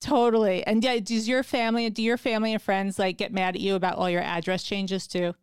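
A woman's voice: medium pitch, flat delivery, a little fast, clean tone, no echo, clean studio sound. A woman hosting a podcast in casual chat, telling stories with animation and acting out her own quotes. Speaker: podcast host.

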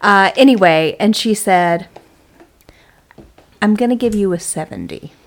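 A woman in her thirties co-hosting a podcast, telling a story in a casual, animated, self-mocking way. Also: medium pitch, measured pace. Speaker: podcast co-host. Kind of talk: casual chat.

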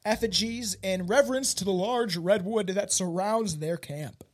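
A man's voice: sits high, measured pace. A man hosting a casual comedy podcast, crude and joking, rambling with frequent restarts. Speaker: podcast host.

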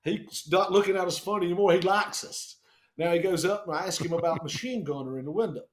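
Guy from a band spinning a wild road story, fairly high voice, swears a lot, does all the voices. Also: quick pace, reverberant, a little hiss or hum. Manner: animated, profane, acts out the people he quotes. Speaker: band member telling a tour story. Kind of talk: casual storytelling.

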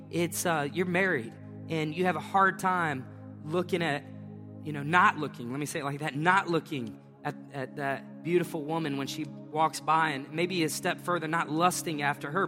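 A middle-aged man preaching a conversational sermon as pastor, emphatic and folksy, repeating his phrases. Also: on the high side. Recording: reverberant hall with faint music.

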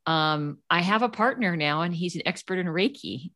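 Woman guest, low voice, animated storyteller who acts out quoted voices. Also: moderate pace. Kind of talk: casual storytelling.

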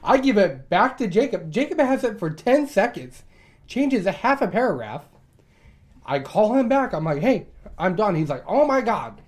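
A man's voice: high voice, very animated, normal speed, a little mellow. Young guy cohost, swears a ton, laughing thru his stories. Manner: profane, laughs often while telling stories. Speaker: podcast co-host. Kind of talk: crude casual storytelling among friends.

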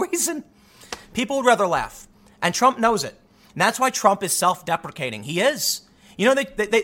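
A young man hosting an opinionated commentary monologue, animated and sarcastic, often mocking people with put-on voices. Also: high-pitched. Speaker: commentary show host.

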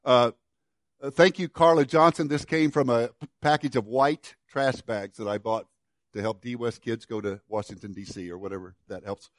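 A middle-aged man preaching a sermon in a conversational way, restarting and repeating words, and dropping to a quiet low voice on key words. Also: steady tone, normal speed, dry recording, studio quality. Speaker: pastor.

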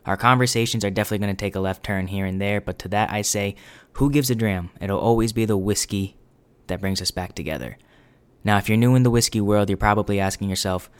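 Smooth-voiced young American man hosting. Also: on the low side, fairly quick. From New England. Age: 20s. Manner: upbeat, self-deprecating and chatty. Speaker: podcast host. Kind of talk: podcast introduction.

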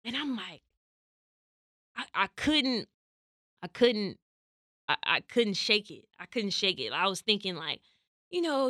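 Young woman podcast host, bright forceful voice, dry sound, acts out the back and forth as she tells it. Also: medium pitch, measured pace, pauses often, no echo. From California. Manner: animated, acts out quoted dialogue. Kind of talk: casual storytelling chat.

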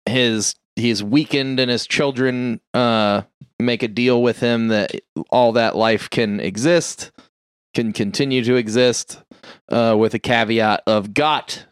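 A man casually recapping a movie plot on a podcast, acting out the characters' lines in quick bursts. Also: mid-range voice, fairly even intonation, clear, resonant tone, dry recording, studio quality. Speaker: podcast co-host.

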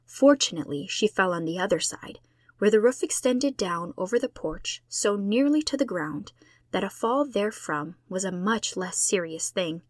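A woman reading a classic novel aloud in a measured, expressive storybook narration. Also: medium pitch, no echo. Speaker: audiobook reader.

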